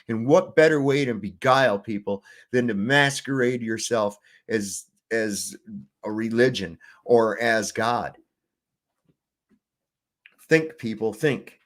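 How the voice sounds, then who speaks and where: A middle-aged man hosts a commentary show in a blunt, crude rant, swearing freely and preaching to his listeners. His pitch sits in an ordinary middle range. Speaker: commentary host. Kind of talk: profane ranting commentary.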